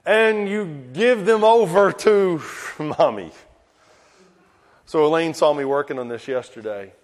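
A man preaching a sermon and reading scripture slowly and deliberately, his voice dropping low at the ends of phrases. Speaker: pastor. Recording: long reverb in a hall.

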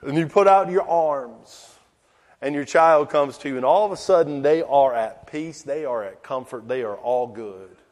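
Slow-preaching man in a reverberant hall. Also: on the high side. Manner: slow, deliberate reading with a dropping voice at phrase ends. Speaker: pastor. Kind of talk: sermon with scripture reading.

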